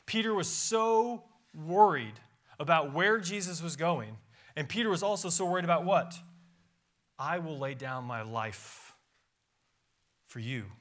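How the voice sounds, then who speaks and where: A man's voice: on the high side, animated, measured pace, pauses often, a bit bright. A pastor preaching a sermon in a church, reading scripture aloud with emphatic rises and drops in his voice. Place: church sanctuary.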